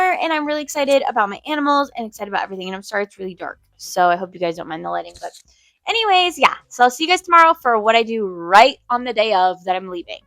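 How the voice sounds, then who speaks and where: Chatty young woman, breathy vlog talk. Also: on the high side, fairly bright tone, no room sound. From Arizona. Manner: chatty, rambling, with many fillers and self-corrections. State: often a bit out of breath. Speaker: pet vlogger. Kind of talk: casual vlog chat to viewers.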